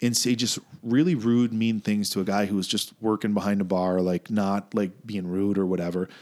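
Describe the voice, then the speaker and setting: Man, 30s, podcast co-host; animated profane storyteller, voice leaps up on quoted lines. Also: moderate pace. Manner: animated, profane, restarts a lot, voice jumps high when quoting himself. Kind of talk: casual storytelling chat.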